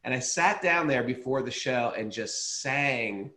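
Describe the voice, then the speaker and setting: A man's voice: medium pitch, lively intonation, a little slow, bright, forceful tone. An enthusiastic man, a podcast co-host chatting casually and rambling over his own words. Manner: enthusiastic, rambling, self-interrupting. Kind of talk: casual chat.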